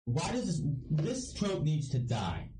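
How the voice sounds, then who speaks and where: A man's voice: on the high side, huge pitch swings, slow pace, dark tone, roomy sound, distant mic, faint music behind, rough recording. A man from Ohio giving a casual wrestling review, blunt and ranting, swearing freely. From Ohio, United States.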